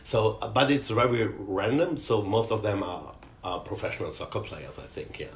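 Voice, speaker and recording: A man talking as a guest about working with athletes, hesitant and halting, often trailing off softly. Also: on the low side, expressive. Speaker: guest who works with athletes. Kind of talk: casual conversation. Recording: echoey room.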